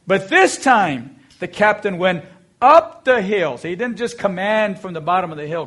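A man with a notably high voice preaching a sermon. He tells the scripture story expressively and leans hard into slow, emphatic phrases. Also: very animated, fairly bright tone. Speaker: pastor.

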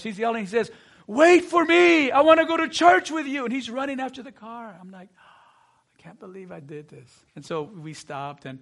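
A man preaching a sermon as pastor, telling a personal story in a lively, earnest way and acting out the dialogue. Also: sits high.

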